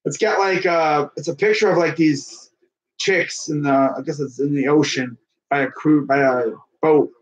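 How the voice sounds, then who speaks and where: A young man calls a baseball video game in a loose, chatty way, laughing easily between pitches. His voice sits a little higher than most men's. He breaks off now and then to talk to someone off-mic. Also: steady tone, moderate pace, poor audio. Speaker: fan commentator. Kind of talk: casual play-by-play of a video game.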